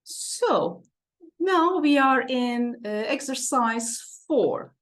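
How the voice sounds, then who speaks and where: A woman's voice: high voice, animated, very slow. A woman teaching an English lesson, drawing out and repeating words for her students. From Turkey. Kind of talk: online lesson walkthrough.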